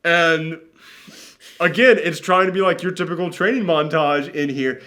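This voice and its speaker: A man's voice: fairly high pitch, normal speed, bright, forceful tone. A man hosting a casual movie reaction chat, ranting sarcastically with lots of fillers.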